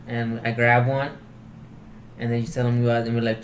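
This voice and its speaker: A man playing a tabletop game, chatting casually and planning out loud. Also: medium pitch, level tone, slight background noise. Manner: quick, laughing, planning out loud. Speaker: player. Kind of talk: casual chat.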